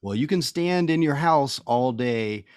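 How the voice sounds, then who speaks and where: A man's voice: mid-range voice, lively intonation, measured pace, darkish tone, smooth, no echo, clean studio sound. A man co-hosting a podcast in casual chat, laid-back and self-deprecating. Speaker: podcast co-host.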